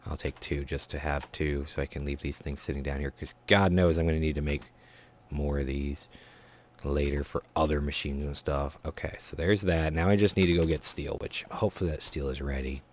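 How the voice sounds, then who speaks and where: Deep-voiced man muttering through a game. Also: a little fast, a little hiss or hum. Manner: mutters to himself, counts items under breath, excited outbursts. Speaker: Let's Play host. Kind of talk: casual gameplay commentary.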